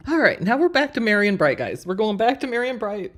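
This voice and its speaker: With a mid-range voice, this woman is very animated, speaking at a quick pace with few pauses. She's in her forties and hosts a live craft design stream, walking through a tutorial while chatting with viewers as friends.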